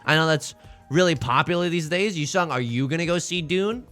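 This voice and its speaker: A man's voice: fairly high pitch, lively intonation, moderate pace, a bit bright, soft background music. A young man streaming from home, giving casual, jokey game commentary in a theatrical, self-mocking way.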